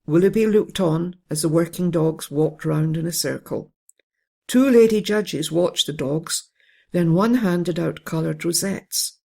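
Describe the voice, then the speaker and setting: Gentle bedtime story narrator, gravelly. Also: mid-range voice, a little slow.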